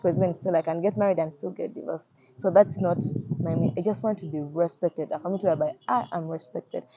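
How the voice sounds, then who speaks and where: A fairly low, dark-toned voice belongs to a young Ugandan woman, an activist offering an earnest personal testimony. Repetition runs through her speech, and she dramatizes quoted voices. The sound is slightly muffled.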